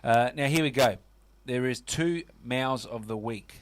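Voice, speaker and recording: A man's voice: mid-range voice, a little slow, no room sound. A man with an Australian accent hosting a casual sports radio show, chatty and full of fillers. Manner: chatty, lots of fillers and "mate".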